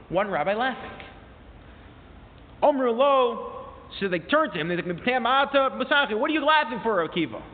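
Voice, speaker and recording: A high-pitched man lectures to a class, telling a story with animated, climbing emphasis. He stops often to quote and translate old sources. His voice sounds thin and phone-like, with a long reverb tail as if in a big hall. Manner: mixes in quoted source phrases and restarts. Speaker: teacher.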